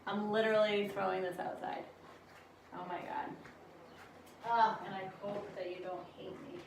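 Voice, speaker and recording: A woman's voice: mid-range voice, steady tone, normal speed, vocal fry. A woman vlogging casually at home, talking to herself and coaxing an insect, jittery and swearing as she frets. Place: home indoors near a window. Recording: echoey room, distant mic, background noise.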